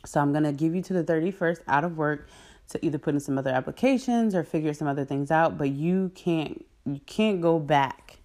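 A woman with a notably low, deep speaking voice tells a personal faith testimony straight to her viewers. She talks casually and earnestly, filling pauses with "um" and "like" and laughing in the middle of sentences. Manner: earnest and animated, with frequent "um" and "like" and laughs mid-sentence.

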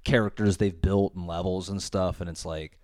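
Recorded on a studio mic in a living room, a young male podcast co-host chats casually in a low, fairly even, slightly mellow voice at normal speed. He rambles, leans heavily on filler words, and swears often.

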